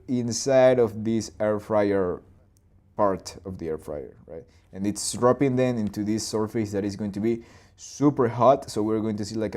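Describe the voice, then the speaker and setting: A man in his twenties or thirties hosting a live storyboarding session, talking loosely through his ideas, with restarts and boom and plop sound effects. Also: mellow. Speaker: animator and channel host.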